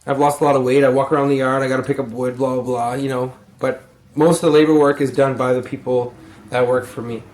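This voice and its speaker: Brief: weary young guy, mid-pitch, casual and cursing, roomy home echo. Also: little pitch movement, fast talker, darkish tone. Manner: rambling, profane, yawning and sighing. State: tired. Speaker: vlogger, lumber yard crew lead. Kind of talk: rambling casual advice vlog. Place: room at home.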